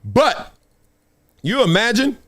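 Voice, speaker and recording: Lively, high-pitched man hosting a live stream. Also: takes it slowly. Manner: animated storytelling, acts out quotes, laughs often, swears. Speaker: host. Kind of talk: animated casual live-stream talk.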